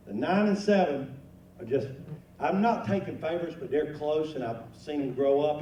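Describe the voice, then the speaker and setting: Older guy doing stand-up at a lunch, lively voice, roomy hall, kinda far off mic, faint hiss. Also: fairly high pitch. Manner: folksy, rowdy, shouts during the punchlines. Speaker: comedian, lunch speaker. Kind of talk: storytelling stand-up. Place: banquet hall at a lunch event. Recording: roomy hall, miked from a distance, faint noise.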